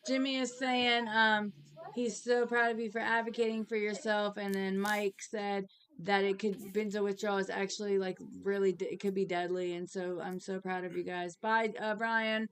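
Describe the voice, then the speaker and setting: A woman co-hosting a recovery group, reading viewer comments aloud and encouraging a member warmly. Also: mid-range voice, level tone, normal speed. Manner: warm, encouraging, with fillers. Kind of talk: supportive remarks.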